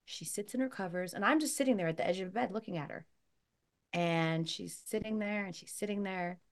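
A woman hosting a podcast, telling stories in a lively, animated way with acted-out quotes. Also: mid-range voice, a little fast. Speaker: podcast host. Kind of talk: casual chat.

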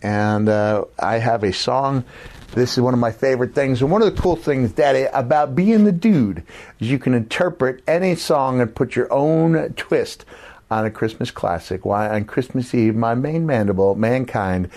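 A man's voice: mid-range voice, normal speed, a little mellow, close to an everyday voice. A man voicing a laid-back groovy hippie dude who talks in cool slang and calls the listener daddy for a greeting video. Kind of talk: put-on character greeting video.

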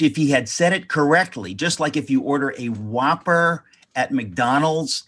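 A husky-voiced man recounts a family memory as an interview guest. He rambles and often restarts his sentences as he goes. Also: mid-range voice. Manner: rambling, self-correcting anecdotes. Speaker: author guest. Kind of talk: storytelling in an interview.

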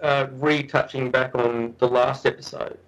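A man's voice: mid-range voice, level tone, measured pace, fairly bright tone, muffled recording. Give me a man as a podcast guest, earnest, repeating himself as he tells a story. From Australia. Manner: earnest, restarts often, repeats words. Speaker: guest researcher.

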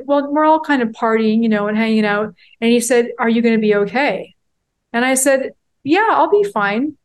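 A woman in her forties, a podcast guest, telling a personal story in a heartfelt, rambling way with many fillers. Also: fairly high pitch. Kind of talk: candid interview storytelling.

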